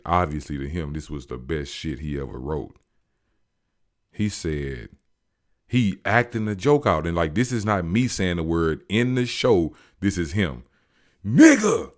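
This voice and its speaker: Low voiced guy recapping a show, real animated. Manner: animated, slangy, acts out quotes. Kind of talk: casual storytelling recap.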